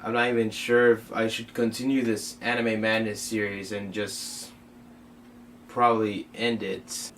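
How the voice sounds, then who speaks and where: A man's voice: fairly low pitch, little pitch movement, a little slow, a bit bright. A man hosting a comedic skit vlog as an online reviewer, frustrated and rambling, cutting himself off. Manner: frustrated, rambling, self-interrupting. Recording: distant mic, faint background noise.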